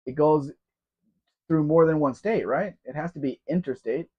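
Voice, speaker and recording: A man's voice: fairly high pitch, moderate pace, breathy edge. Male stream host with a sore throat, casual and rambling, reads out viewer comments, muffled lo-fi sound. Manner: chatty and rambling, addressing viewers by name. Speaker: live Q&A host. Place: at home in a room. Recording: dull lo-fi stream audio.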